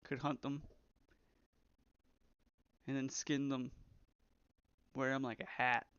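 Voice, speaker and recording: A man's voice: mid-range voice, level tone, takes it slowly, fairly bright tone, smooth. A young man who develops games, chatting casually on a live stream, rambling and reading chat aloud. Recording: slightly dull, lo-fi stream audio.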